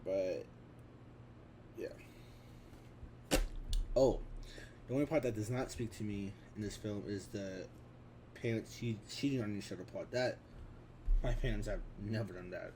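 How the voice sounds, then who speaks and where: A man's voice: fairly low pitch, measured pace, pauses often, background noise. A man in his twenties talking casually and offhandedly through his film collection, with frequent restarts and fillers. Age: 20s. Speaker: vlogger.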